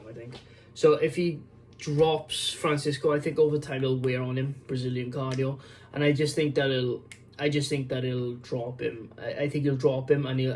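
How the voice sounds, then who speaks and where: A man talks through his fight picks in a loose, rambling way, circling back on himself and filling gaps with ums and likes. He sounds tired and keeps yawning as he goes on, his voice sitting at an ordinary middle pitch. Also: darkish tone, slight background noise. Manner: rambling with many fillers and restarts. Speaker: MMA prediction channel host. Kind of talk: casual fight-prediction commentary.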